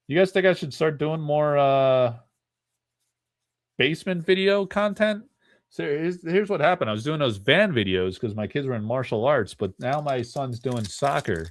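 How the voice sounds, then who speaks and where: A man's voice: medium pitch, dry recording. Man, live card break host, casual rambling chat, laughs a lot, dry close sound. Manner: rambling and chatty, laughs often between remarks.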